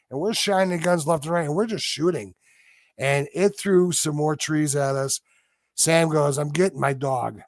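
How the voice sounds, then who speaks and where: A man's voice: on the high side, no room sound, studio quality. A man on a podcast telling a story vividly as a guest, imitating the sounds he describes.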